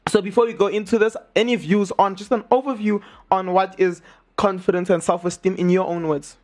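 A man's voice: sits high, steady tone, a little fast, darkish tone. A man hosting a casual radio talk show, joking, boastful and a bit preachy.

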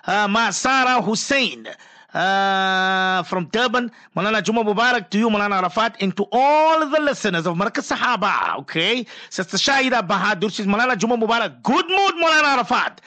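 Male call-in radio host, chatty storyteller, bright voice, dry studio sound. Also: high voice, animated, brisk, no echo. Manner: chatty, storytelling, frequent coughs and throat clearing. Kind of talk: casual radio talk, reading listener messages.

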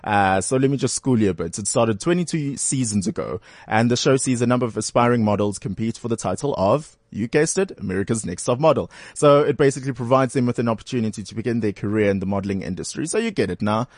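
A man's voice: medium pitch, expressive, quick pace, hardly any pauses, darkish tone, no room sound, clean studio sound. A man hosting a radio talk show, chatting casually in a playful, teasing way.

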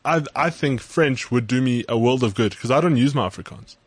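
Brief: South African man, rapid, lowish voice, teasing banter, dry close mic. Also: breathy edge, dry recording. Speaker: podcast co-host. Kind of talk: casual chat.

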